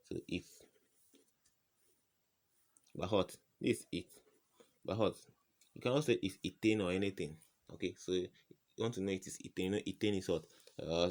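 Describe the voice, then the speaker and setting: Deep-voiced guy tutoring chem, keeps going "what?" then repeats the answer. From West Africa. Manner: asks rhetorical "what?" questions and repeats answers. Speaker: chemistry tutor. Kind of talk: informal whiteboard lesson.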